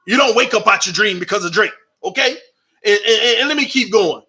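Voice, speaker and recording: A man hosts a live football stream, his voice pitched high and ringing bright. He talks animatedly, reads out updates and argues back at comments from his viewers. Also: fairly quick. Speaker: sports channel host.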